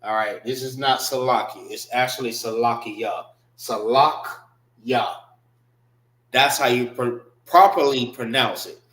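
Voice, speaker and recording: A man teaching a classroom language lesson in a casual way, repeating and spelling out words slowly. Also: mid-range voice, steady tone, fairly bright tone, roomy sound, poor audio. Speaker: class instructor.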